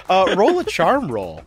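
Animated game master man, lively pitch. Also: background noise. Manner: animated, breaks into quick voices for side characters. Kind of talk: narrating a tabletop game.

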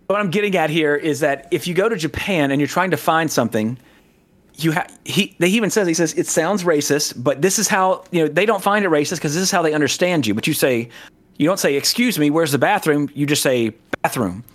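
A man's voice: fairly high pitch, fairly quick. A man from the American South in casual podcast chat, rambling with many fillers, restarts and asides. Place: Southern California.

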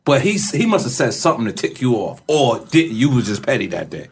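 Lively teasing man with noise behind. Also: medium pitch, quick pace. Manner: teasing, hypes the crowd. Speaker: podcast host. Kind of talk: casual interview chat.

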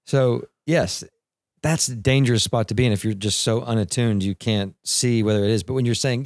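A man in his thirties, podcast co-host and father, telling parenting stories in an animated way and acting out quotes. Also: medium pitch, moderate pace, no room sound, clean studio sound. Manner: animated storyteller, acts out quotes, laughs. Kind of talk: casual podcast conversation on parenting and mentoring.

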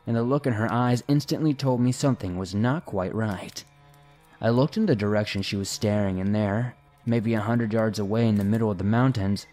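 Dark-voiced man reading horror stories. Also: on the low side. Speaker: horror story narrator. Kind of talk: scripted narration of listener stories.

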